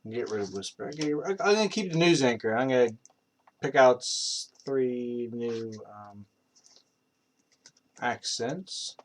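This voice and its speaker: A man's voice: medium pitch, lively intonation, takes it slowly, pauses often, a little hiss or hum. A young man on a live stream who rambles casually, with many fillers and restarts. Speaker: streamer practicing accents.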